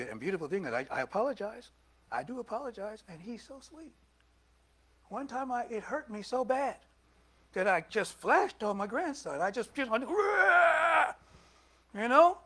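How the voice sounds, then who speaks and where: An older man preaching a sermon in a conversational way, putting questions to the congregation and moving between loud and soft. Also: high-pitched. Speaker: minister.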